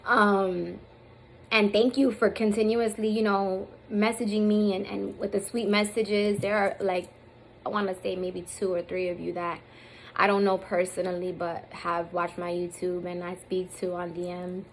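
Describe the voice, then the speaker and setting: A woman in her thirties vlogs to a phone or camera pointed at herself, speaking candidly and rambling with lots of fillers, sometimes nearly crying. Her voice is medium in pitch with a level tone and moderate pace. The recording is rough, with slight background noise.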